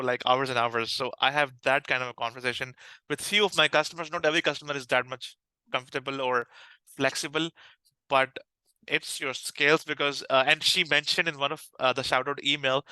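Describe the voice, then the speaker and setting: A man with a Pakistani English accent answering interview questions about his job in an energetic way, with frequent restarts and fillers. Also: mid-range voice, clean tone, no room sound, rough recording. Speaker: customer success manager, podcast guest.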